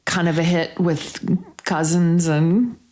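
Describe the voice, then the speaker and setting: A woman's voice: on the low side, steady tone, slow pace, a little mellow. A woman chatting as a podcast guest, telling rambling stories and giggling often. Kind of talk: casual chat.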